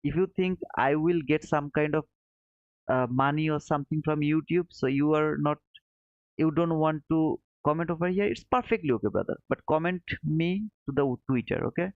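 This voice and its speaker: A man with a slightly high, gravelly voice runs a live trading lesson, talking through his chart as he marks it. He chats warmly with viewers, calling each one brother. The sound is dry and a bit dull, like a lo-fi mic. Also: normal speed, dry recording. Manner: friendly, calls viewers brother, thinks aloud while charting. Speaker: trading stream host. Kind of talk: live trading commentary reading chat.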